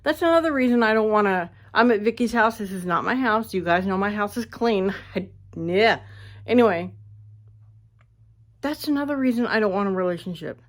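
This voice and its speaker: A woman ranting casually to her viewers, blunt and animated, swearing freely, recorded on a phone indoors at a friend's house. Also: medium pitch, moderate pace. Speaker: vlogger.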